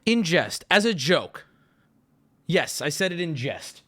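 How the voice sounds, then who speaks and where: Swearing streamer man, 30s, high and very lively delivery, casual anecdote to chat. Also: slow, pauses often. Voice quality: animated, swearing, jokey. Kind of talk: casual storytelling to a live chat.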